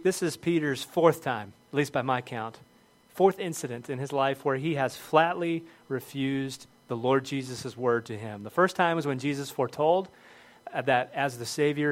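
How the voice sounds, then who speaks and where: A middle-aged man preaching a sermon as pastor, earnest and conversational, building to emphatic points. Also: mid-range voice.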